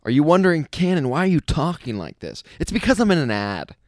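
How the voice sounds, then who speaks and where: A man's voice: a little high, very animated, brisk, dry recording, clean studio sound. A man, the podcast host, reading a sponsor spot in an exaggerated announcer voice. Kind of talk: ad read.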